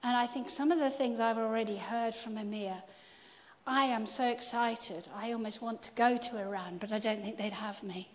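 A woman interviewing a guest at a church gathering, lively and often laughing. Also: on the high side, normal speed, long reverb tail, muffled recording.

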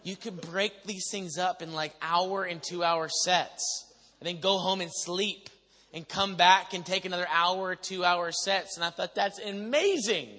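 A male pastor telling his story in a sermon, lively and acting out what people said. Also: high voice, a little slow. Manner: animated storyteller who acts out quotes. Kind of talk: sermon testimony to a congregation. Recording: long reverb of a large hall.

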